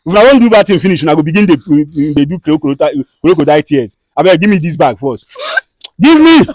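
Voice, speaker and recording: Nigerian man, skit host; rapid, scolding-then-soothing delivery, dry close sound. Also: on the high side, a little mellow, no room sound. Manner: fast, scolding and soothing by turns. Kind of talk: comedy skit with direct address.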